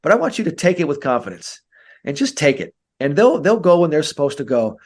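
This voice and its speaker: A man's voice: a little fast, husky. A man, a mental skills coach, talking in a podcast interview and acting out coach and player dialogue. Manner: animated, acts out coach and player dialogue with big pitch jumps.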